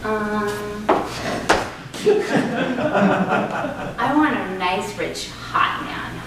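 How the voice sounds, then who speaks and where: A woman's voice: mid-range voice, slow pace, close to an everyday voice. A woman improvising on stage as a sarcastic, needling younger sister who mocks her sibling. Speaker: improv performer. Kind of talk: improvised stage comedy scene. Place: small theater stage. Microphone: distant room mic. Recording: echoey theater from far off, very noisy.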